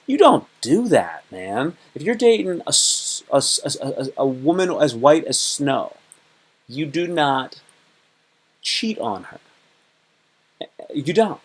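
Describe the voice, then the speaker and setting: A man's voice: a little high, big pitch swings, slow, long pauses, husky. A man hosting a casual livestream talk, rambling and repetitive, often acting out little dialogues. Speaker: host. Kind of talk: casual livestream monologue on self-improvement.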